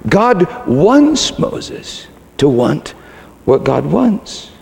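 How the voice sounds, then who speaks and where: A male preacher delivering a sermon with a fairly high, very lively voice and a gravelly edge. He talks slowly and emphatically, swinging between bold declarations and near-whispers. His voice trails off into a long reverb. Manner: emphatic, dramatic swings between loud and hushed.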